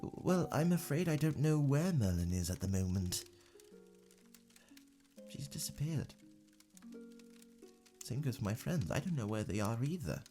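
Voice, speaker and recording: Casting: a man as a courteous male tavern keeper for ASMR role-play, warm mellow tone, lively pitch, soft halting politeness, faint music underneath. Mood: reassuring.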